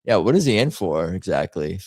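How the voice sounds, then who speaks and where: A livestream host chats casually and thinks out loud while reacting to memes and viewer comments, tossing in jokey asides. His voice is low, sing-song, and brisk, with no room sound.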